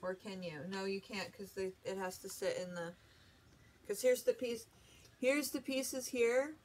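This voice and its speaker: A woman's voice: medium pitch, measured pace. A woman hosting a home video, chatting casually and correcting herself as she unboxes a gadget. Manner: chatty, rambling, self-correcting. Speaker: vlog host.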